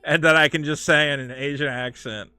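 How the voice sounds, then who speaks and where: A man's voice: fairly high pitch, fairly even intonation, fairly quick, bright, forceful tone, clear, resonant tone, dry recording, soft background music. A man giving casual, rambling gameplay commentary, crude and joking, swearing freely. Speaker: gaming streamer.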